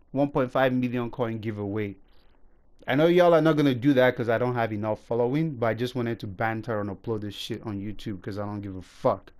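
A man's voice: medium pitch, a little mellow. A young man ranting to his viewers, heated and profane, scolding them and then pleading with them. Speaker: gaming YouTuber. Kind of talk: angry rant to camera.

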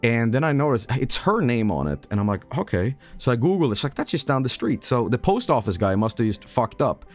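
Guy streaming, telling a rambly story, pitch jumps all over, faint music behind. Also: very animated, quick pace, few pauses. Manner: rambling and self-mocking, with many restarts. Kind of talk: casual storytelling.

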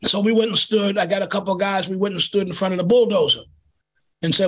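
A man with a high, husky voice tells a community story with lively energy. He is a middle-aged pastor speaking in an interview, and he acts out the quotes as he goes. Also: fast talker.

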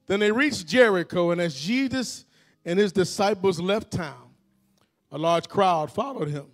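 A male pastor delivers a call-and-response sermon in a church sanctuary. His voice sits high for a man, and he rises from low, quiet phrases into loud shouts that urge the congregation to answer back.

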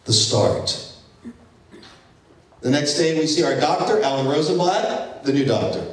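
A man in his fifties giving a keynote speech, an animated storyteller who slips in dry jokes. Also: fairly high pitch, unhurried. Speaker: keynote speaker. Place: event hall. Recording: echoey hall, voice from far off.

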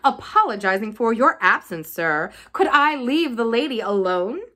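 A woman voicing a reckless, spoilt young nobleman who talks loud and merry with a sneer. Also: sits high, sing-song, moderate pace, exaggerated voice. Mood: mocking.

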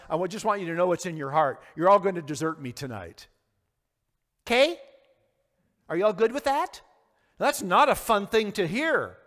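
A man's voice: high-pitched, a bit bright. A man teaching a verse-by-verse Bible study as a pastor, earnest and questioning his audience, sometimes acting out quoted lines. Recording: long hall reverb.

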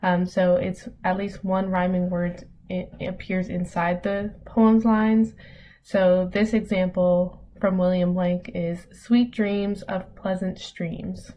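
A woman teaching an online lesson in a relaxed, casual way, with many ums as she reads examples aloud. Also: lowish voice, slow pace. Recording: dull lo-fi audio with faint noise.

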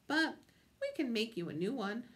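A woman's voice: on the high side, sing-song, moderate pace. A woman voicing a firm, cautious male mouse dentist who gives orders to his patient. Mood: commanding. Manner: firm and commanding.

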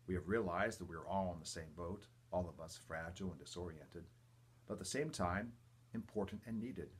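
An older man, a priest, reading the gospel and a homily in a measured, reverent way, with emphatic quotes and quiet asides. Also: sits low, breathy edge. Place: church or home, livestream.

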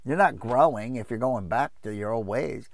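A man preaching an informal Bible study from his RV, impassioned and quick to mock opposing views in a raised voice. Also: vocal fry, no room sound, studio quality. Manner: impassioned, jumps into mocking high voices to quote others.

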